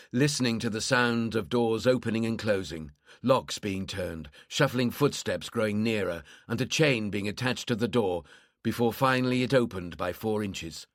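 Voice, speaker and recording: A man's voice: lowish voice, dry recording. Man narrating a crime thriller, dry sound. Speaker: audiobook narrator.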